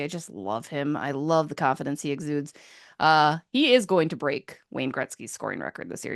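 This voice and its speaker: A woman's voice: deep voice, no echo, clean studio sound. Playful woman hockey podcast host. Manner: playful, joking, laughs often. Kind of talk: casual sports chat. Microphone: studio microphone.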